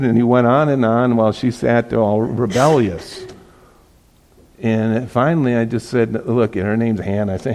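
A man's voice: mid-range voice, steady tone, moderate pace, a little mellow. A middle-aged man, a pastor, giving a casual, conversational sermon, often chuckling and repeating words as he goes.

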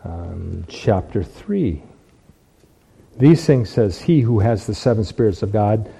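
A man's voice: fairly low pitch, animated, slow, vocal fry, dark tone, husky. A man preaching a sermon, reading scripture aloud and repeating key phrases for emphasis.

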